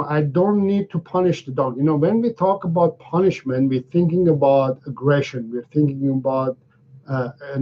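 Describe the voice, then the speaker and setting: Higher-voiced man teaching dog training. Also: highs cut off. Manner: repetitive, restarts sentences, checks understanding. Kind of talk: live Q&A lesson.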